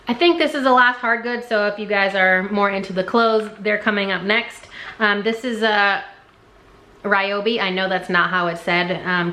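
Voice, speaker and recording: A woman's voice: mid-range voice, pushed and bright. A woman casually showing thrifted items she resells, chatty and full of fillers, often unsure how brand names are said. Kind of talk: casual haul vlog. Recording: echoey room.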